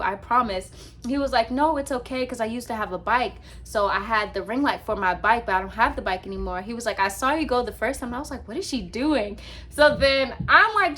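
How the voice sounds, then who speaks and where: A young woman vlogging casually from her apartment at night, telling a rambling, animated story to her laptop with many fillers. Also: a little high. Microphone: laptop with ring light.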